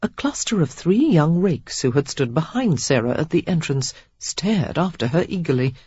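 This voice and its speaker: A narrator reads a romance with lively, rising and falling pitch and a husky, breathy tone. The recording is dry and dull-sounding, with a lo-fi edge. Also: normal speed, dry recording. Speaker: audiobook narrator. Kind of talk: scripted narration.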